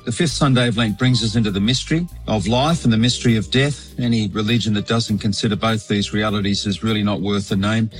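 Low-voiced bishop preaching a reflection. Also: male voice, soft background music, poor audio. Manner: measured, explanatory preaching. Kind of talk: weekly sermon reflection.

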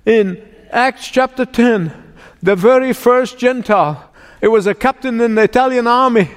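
A man with a high voice preaches a sermon, pressing his points with emphatic repetition. His words carry a long reverb, as if spoken in a large hall. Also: moderate pace, clean tone. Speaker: pastor.

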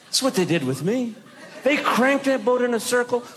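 A male comedian with a high voice, doing stand-up before a live crowd. He tells his stories with big swings in pitch. The recording has a steady layer of noise under it. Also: moderate pace. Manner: animated storytelling, mimics others with shouted high voices. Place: stage before a live audience.

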